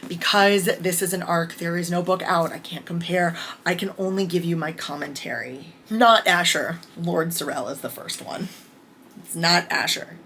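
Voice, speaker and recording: A woman giving a casual book review vlog, candid and excitable, reading out her notes with bursts of swearing. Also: lowish voice, moderate pace, a little hiss or hum.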